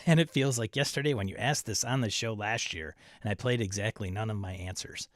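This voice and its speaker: A man's voice: lowish voice, moderate pace, no room sound, studio quality. A man hosting a tabletop game livestream, reading viewer comments aloud and joking around in casual chat.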